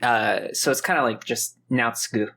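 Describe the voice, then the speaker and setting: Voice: mid-range voice, normal speed, fairly bright tone. A podcast co-host in casual chat, joking and playful.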